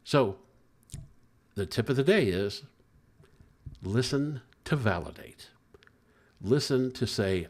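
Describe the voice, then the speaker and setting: A man's voice: medium pitch, slow pace, long pauses. A middle-aged man, a therapist, giving relationship advice to the camera and acting out everyday conversations. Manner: animated, acts out quoted dialogue.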